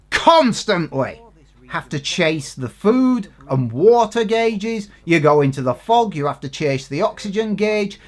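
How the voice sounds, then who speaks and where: A man giving an exasperated, sweary, sarcastic rant in a game review. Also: on the high side.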